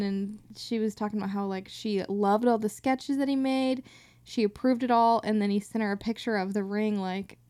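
A woman's voice: mid-range voice, darkish tone. A woman co-hosting a podcast, telling a travel story in a chatty, casual way. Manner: chatty, reacts with laughs and short replies. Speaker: podcast co-host. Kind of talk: casual chat.

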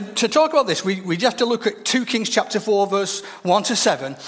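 A man's voice: fairly bright tone, long reverb tail. A man preaching a sermon, telling Bible stories with humour and acting out the people in them. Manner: storytelling, voices quoted figures with shifts in pitch.

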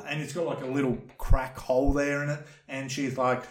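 A man telling a rambling, animated story in casual chat, swearing freely. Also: medium pitch, brisk, roomy sound. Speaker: podcast guest telling a story.

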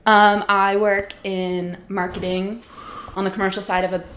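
A woman's voice: mid-range voice, level tone, moderate pace, a bit bright, slight background noise. A woman in her twenties, a podcast guest chatting casually, easygoing and giggly with lots of fillers. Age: 20s.

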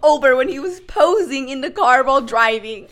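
A young woman in her twenties co-hosting a podcast in casual chat, giggly and animated, swearing now and then. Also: high-pitched, normal speed. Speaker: podcast co-host.

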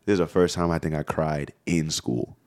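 A young man co-hosting a podcast, telling a high school story in a casual, profane, animated way. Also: moderate pace. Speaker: podcast co-host.

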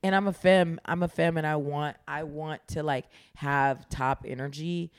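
A woman comedian, chatting as a podcast guest, animated and swearing freely. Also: low-pitched, unhurried, smooth, dry recording, studio quality. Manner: animated, swears freely, acts out quoted voices. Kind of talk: casual podcast chat.

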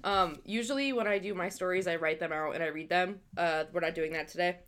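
Bright-voiced giggly woman podcaster. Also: lowish voice, fairly quick. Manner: giggly, swears casually, repeats herself. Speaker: podcast co-host telling a true crime story. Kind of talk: casual podcast chat.

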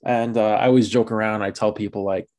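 This guest, a young man with a lowish, steady and slightly mellow voice, talks quickly while recounting his vocation story. It's a relaxed, chatty telling with plenty of fillers and the odd laugh at his own expense.

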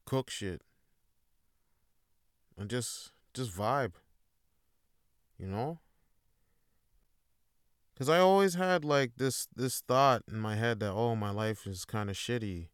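A man's voice: fairly low pitch, takes it slowly, long pauses, clean tone, no room sound, studio quality. A man hosting a solo podcast, talking in a rambling, laid-back way with a lot of swearing. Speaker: podcast host. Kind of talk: casual solo monologue.

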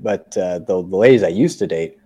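Podcast host, male, very low voice, rambling storyteller who swears a lot. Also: moderate pace, warm tone, breathy edge. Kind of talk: casual chat.

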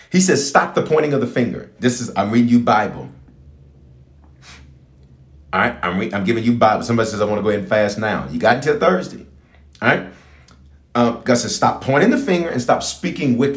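A man's voice: medium pitch, echoey room. A man preaching a livestreamed prayer sermon, repeating phrases and calling on listeners to say things back. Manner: animated, repetitive call-and-response preaching. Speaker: bishop preaching.

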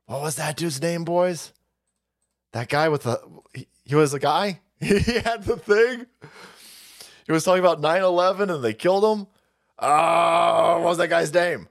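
A middle-aged man hosting a livestream, crude and rambling, joking and laughing, his voice fried and gravelly. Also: a little high, fairly quick. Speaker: livestream host. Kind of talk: foul-mouthed political rant stream.

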